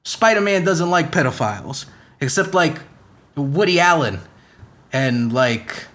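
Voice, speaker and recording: A man's comedy podcast rant casts Spider-Man as a profane, rambling, brash young hero firing off rhetorical questions, his fake accent repeatedly slipping. He speaks on the high side at a measured pace, with lively intonation and a slightly bright tone.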